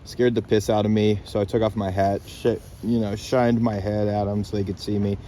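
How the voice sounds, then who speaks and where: A man's voice: fairly low pitch, level tone, moderate pace, warm tone, slight background noise. Laid-back young man rambling outdoors. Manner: rambling, loose and laid-back, swears casually. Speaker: vlogger camping alone on an island. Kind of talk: casual rambling vlog. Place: outdoors on a lake island, in a tent and by a campfire. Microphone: handheld phone camera.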